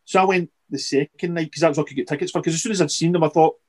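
A middle-aged man, a podcast guest, chatting casually and rambling with halting restarts and repeated words. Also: a little high, fairly even intonation, a little mellow. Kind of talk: casual interview chat.

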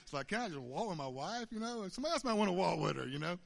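A man's voice: high voice, big pitch swings, very fast, creaky. A man, telling a folksy testimony at church, stammering and repeating words with frequent chuckles. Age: 50s. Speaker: church speaker. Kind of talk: conversational testimony.

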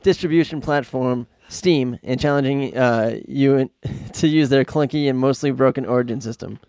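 Dude reading some list, sarcastic and sweary, normal voice, dry sound. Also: male voice, medium pitch, moderate pace, a little mellow, no echo. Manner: blunt and sardonic, swears freely. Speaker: podcast co-host. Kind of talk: casual chat, reading a listener's list.

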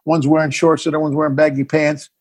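A man's voice: on the high side, flat delivery, fast talker. A middle-aged man, a filmmaker guest in a casual interview, telling a story animatedly and acting out the scenes.

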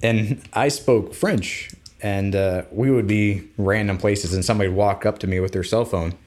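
A young man talks in a relaxed, chatty way with a fairly low voice. He tells stories with energy and acts out the people in them. His pitch jumps high when he does their voices. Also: normal speed. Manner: animated storyteller acting out quoted voices. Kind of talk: casual storytelling chat.

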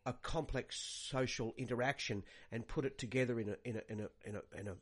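An actor playing a rambling older radio host who repeats words and stalls on fillers. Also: male voice, medium pitch, brisk, breathy edge, close to an everyday voice. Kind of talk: comic radio banter.

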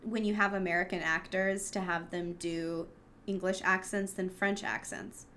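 A woman co-hosting a podcast in casual chat, playful and quick to laugh. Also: medium pitch, fairly even intonation, fairly bright tone, slight background noise. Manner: giggly and playful, laughs often. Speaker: podcast co-host.

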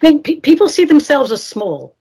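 A woman's voice: sits high, sing-song, brisk, mellow. A woman hosting a spiritual radio talk show, speaking earnestly and asking her guest leading questions. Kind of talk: conversational interview.

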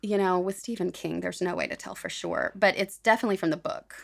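A woman's voice: fairly low pitch, quick pace, creaky. A woman in her thirties co-hosting a podcast, chatty and reflective in casual conversation. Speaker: podcast co-host. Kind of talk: casual chat.

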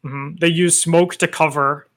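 A man's voice: fairly high pitch, fairly even intonation, a little slow, fairly bright tone. A man co-hosting a podcast in casual film review chat, summarizing the plot with wry asides. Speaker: podcast co-host.

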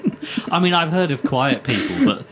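A man's voice: on the high side, big pitch swings, a little fast, over music. A man co-hosting a podcast who chats casually and teases his co-host in a jokey way. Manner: teasing, jokey, laughs often. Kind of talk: casual chat.

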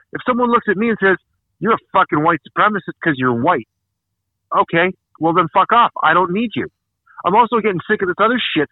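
A man with a slightly higher-pitched voice rants on a podcast, swearing hard and hammering his points through repeated words. The sound is thin and tinny like a phone line, bone-dry with no room. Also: no room sound. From Canada. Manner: angry, profane, emphatic ranting with repeated words. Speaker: podcast host. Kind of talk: casual podcast rant.

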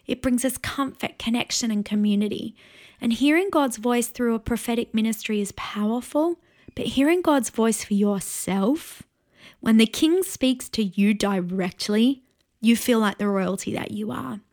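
A woman pastor in her forties giving an earnest, encouraging teaching sermon, pausing to invite listeners to pray. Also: on the high side, a little mellow.

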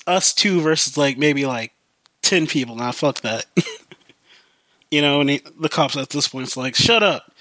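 A man's voice: mid-range voice, fairly bright tone, dry recording. Rambling young man telling a story. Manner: rambling, heavy use of fillers like "like" and "you know". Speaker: podcast host. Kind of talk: casual storytelling monologue.

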